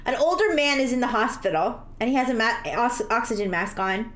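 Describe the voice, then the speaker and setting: A woman's voice: on the high side, a little fast, a bit bright. A woman streamer reading jokes aloud in a giggly way that keeps breaking into laughter. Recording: roomy echo, faint music behind.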